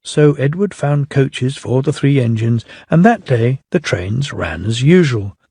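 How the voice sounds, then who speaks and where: Older male storyteller, measured reading; husky, close and dry. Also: mid-range voice, expressive, warm tone, dry recording. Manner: measured and unhurried. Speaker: narrator. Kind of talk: scripted storybook narration.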